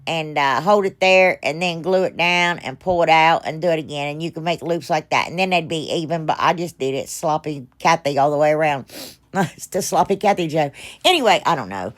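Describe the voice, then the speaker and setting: A middle-aged woman with a drawl talks through her craft project in a fairly low voice. She rambles, pokes fun at herself and scatters fillers as she goes. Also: brisk. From United States. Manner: rambling, self-deprecating, chatty with fillers. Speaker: craft channel host. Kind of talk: casual crafting voice-over.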